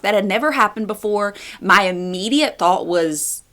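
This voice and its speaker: A young adult woman tells a personal story and offers encouragement in a conversational, heartfelt tone. She speaks at a middle pitch, leans on fillers and repeats words for emphasis, and sounds like a ministry video talk. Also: lively intonation, moderate pace, sharp tone.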